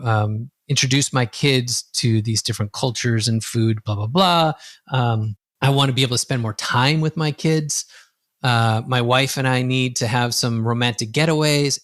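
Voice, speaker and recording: Lively storytelling man, dry close sound. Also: mid-range voice, moderate pace, dry recording. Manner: lively, acts out quoted dialogue. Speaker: coach and guest. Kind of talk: conversational storytelling.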